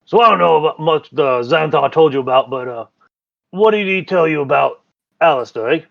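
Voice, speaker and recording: A man voicing a crude male drider, half drow and half spider, gruff and swearing, tagging lines with "eh". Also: on the high side, lively intonation, fairly quick, no room sound, muffled recording. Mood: scornful.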